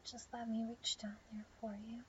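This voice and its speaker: A young woman in a whispered role-play, speaking in a soft, teasing whisper with breathy murmurs. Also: fairly high pitch, flat delivery, normal speed. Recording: dull lo-fi audio with faint background hiss.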